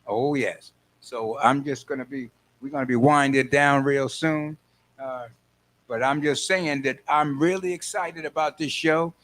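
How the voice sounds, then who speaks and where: An older man hosting a radio talk show, animated and playful, acting out little scenes as he talks. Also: a little high, normal speed. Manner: lively, playful, acts out voices, frequent laughs.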